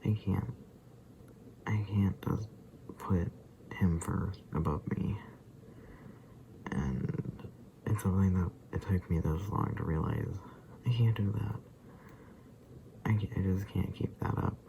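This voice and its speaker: A man rambling casually to camera in a vlog, often dropping into a soft whisper. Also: low-pitched, vocal fry, slight background noise, rough recording. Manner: loose and rambling, full of fillers and asides. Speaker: vlogger.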